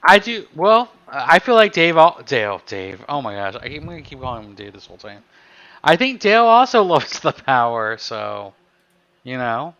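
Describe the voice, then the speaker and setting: A man's voice: mid-range voice, big pitch swings, moderate pace, fairly bright tone, clean tone. A man co-hosting a podcast, chatting casually and often stopping to restart his sentences. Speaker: podcast co-host. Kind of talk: casual chat. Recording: slightly dull, lo-fi sound.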